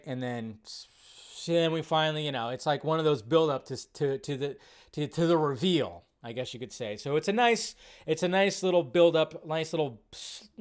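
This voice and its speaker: A man giving a casual spoken review of a TV episode, animated and loose, cursing and acting out his own reactions. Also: mid-range voice, clean tone. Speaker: film review vlogger.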